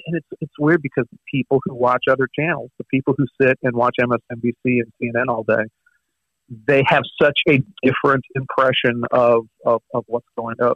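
Man on a dull remote line, halting. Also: mid-range voice, dry recording. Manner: halting, many restarts and fillers, earnest. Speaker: guest media commentator. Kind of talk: conversational political talk.

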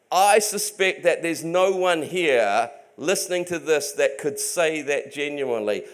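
A man's voice: high voice, normal speed, hardly any pauses. A man preaching a sermon in an earnest, emphatic way, often restarting his sentences.

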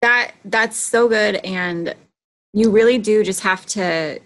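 A woman's voice: medium pitch, slow, a bit bright. A woman hosting a podcast who tells stories in a chatty way with lots of fillers. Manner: chatty, filler-heavy storytelling. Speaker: podcast host. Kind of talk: casual podcast conversation.

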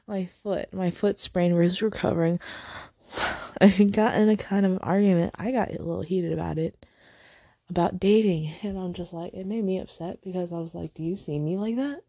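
A woman's voice: lowish voice, steady tone, normal speed, dark tone, no room sound, studio quality. A young woman hosting a casual podcast, ranting about her week in a chatty, frustrated way, full of "like" and sighs. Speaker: podcast host. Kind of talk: casual personal rant.

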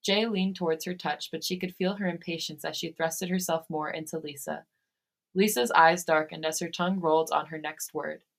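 A woman podcast host reading fan fiction aloud, steady in her reading and given to breaking into laughter. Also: deep voice, moderate pace, creaky.

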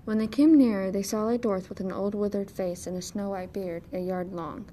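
A woman narrating a fairy tale in a steady, measured storytelling voice. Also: medium pitch, a little hiss or hum.

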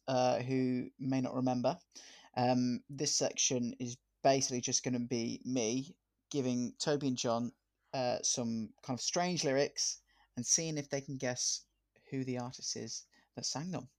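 A man's voice: medium pitch, unhurried. Hesitant man running a quiz. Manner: hesitant, repeats words, laughs easily. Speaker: podcast co-host. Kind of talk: casual podcast chat.

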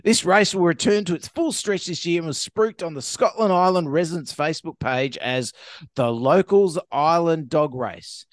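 A man's voice: fairly high pitch, moderate pace, dry recording. A man co-hosting a casual chat, reading news items aloud, playful and laughing often. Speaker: co-host.

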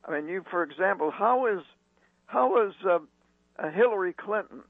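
A man on the phone as a talk radio guest, his voice sitting a little high. He piles up indignant rhetorical questions, pausing on ums and uhs. The line is thin and tinny, with no room sound. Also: expressive, creaky, no echo.

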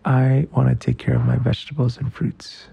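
A man doing a busy, stubborn mother in a told bedtime story, brisk and firm. His voice stays husky and gravelly. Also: mid-range voice, level tone, dark tone, highs cut off, full character voice.

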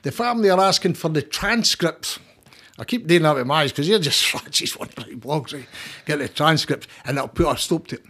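A man's voice: fairly high pitch, a little fast, fairly bright tone, slightly rough. A middle-aged man with a Scottish accent, talking as a guest in a heated, emphatic, sweary way with many restarts. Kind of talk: casual interview chat.

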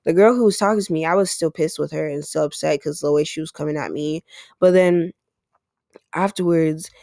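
A woman's voice: deep voice, brisk, gravelly, mellow, no echo, studio quality. A woman hosting a podcast, telling a personal story in a casual, rambling way, with lots of "like" and acted-out quotes from other people. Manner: rambling, heavy use of "like", acts out quoted dialogue. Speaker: podcast host.

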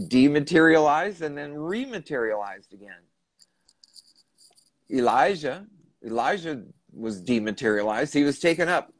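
A man's voice: medium pitch, no echo. Male podcast host, earnest storyteller, mid-range voice, dry recording. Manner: earnest, retelling and rephrasing questions. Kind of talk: recounting a channeling session.

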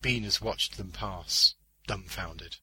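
A man reading a short story aloud as narrator, with an expressive storytelling delivery. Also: sits low, takes it slowly, breathy edge, no room sound, rough recording. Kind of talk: scripted audiobook narration.

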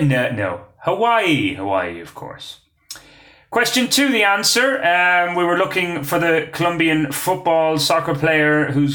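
A man's voice: medium pitch, lively intonation, normal speed, pushed and bright, roomy sound. A man hosting a casual quiz podcast, joking between questions with lots of fillers. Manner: chatty, joking asides, frequent uh fillers. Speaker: quiz host. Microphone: phone.

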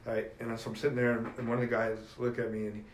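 A middle-aged man telling stories as a podcast guest, in an animated, emphatic way. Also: medium pitch, quick pace. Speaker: podcast guest, jiu-jitsu black belt. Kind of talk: casual storytelling conversation. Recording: echoey room with faint ambient noise.

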